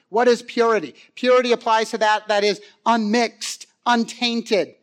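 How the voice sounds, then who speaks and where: Man, high voice, sermon, animated storyteller, loud then soft pleading. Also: normal speed, hardly any pauses. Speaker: preacher.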